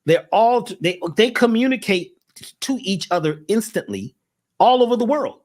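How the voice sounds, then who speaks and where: A man speaking as a guest in an animated spiritual talk, telling stories and acting out the people he quotes. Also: high voice, normal speed.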